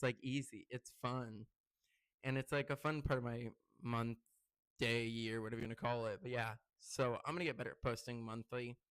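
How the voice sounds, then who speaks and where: A young man hosts his own podcast solo, rambling casually through stories with many fillers. His tone is clean with no echo, and he gets loud and high-pitched when excited.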